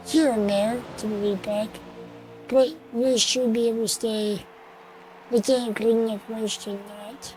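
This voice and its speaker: A woman commentating an online sim race, slow and halting, with fillers and restarts, and she has the hiccups. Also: fairly high pitch, warm tone, low-quality recording.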